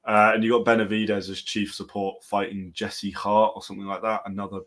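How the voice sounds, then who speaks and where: A man's voice: fairly low pitch, flat delivery, a little fast, a bit bright, a little hiss or hum. A man co-hosting a casual boxing chat show, laid-back and hedging, often trailing off. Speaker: co-host.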